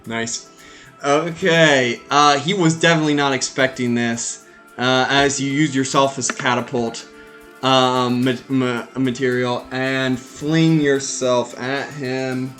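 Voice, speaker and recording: A man narrating as game master in a tabletop game, animated and stumbling over his words. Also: medium pitch, takes it slowly, faint music behind. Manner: animated narration with many fillers and restarts.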